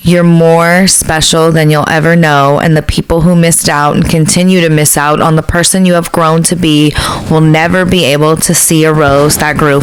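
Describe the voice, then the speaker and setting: A woman's voice: low voice, clear, resonant tone, dry recording, rough recording. A woman co-hosting a podcast in casual chat, blunt and swearing freely. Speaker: podcast co-host.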